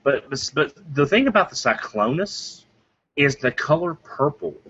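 A man's voice: on the high side, sing-song, a little slow, fairly bright tone, slightly rough. A man co-hosting a podcast in casual chat, enthusiastic and rambling, often restarting his sentences. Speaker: podcast co-host. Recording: muffled lo-fi audio.

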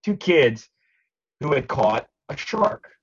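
A man co-hosting a podcast, casually telling anecdotes in an animated way. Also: slow pace, highs cut off, a little hiss or hum. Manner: animated storyteller, jumps high for quoted shouts. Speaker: podcast co-host. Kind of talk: casual storytelling chat.

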